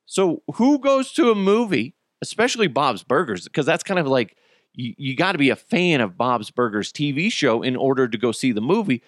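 A man's voice: moderate pace, dry recording, studio quality. A man hosting a casual solo podcast, ranting about movie theaters, swearing and laughing at his own stories. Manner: animated, swearing, laughing at his own stories, acts out bystanders in high voices. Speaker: podcast host.

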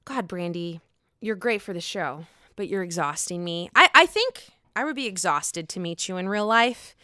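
A woman's voice: fairly low pitch, lively intonation, moderate pace, pushed and bright, no room sound, studio quality. A woman giving a casual, gossipy spoken recap of a reality TV episode, blunt, chatty and freely profane.

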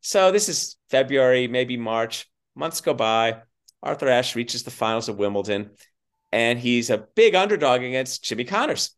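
An older man being interviewed as a tennis journalist, telling stories in a lively, animated way with frequent restarts. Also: mid-range voice, normal speed. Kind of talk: casual storytelling interview.

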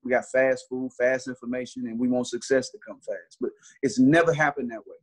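A man's voice: medium pitch, steady tone, a little fast. A middle-aged man, a basketball trainer, telling stories in a casual interview with earnest, repeated restarts.

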